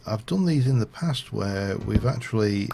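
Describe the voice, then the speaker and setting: A man with a low, gravelly voice talks his way through a game session, rambling and thinking aloud between fillers. His casual commentary comes through a noisy home stream recording. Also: expressive, normal speed.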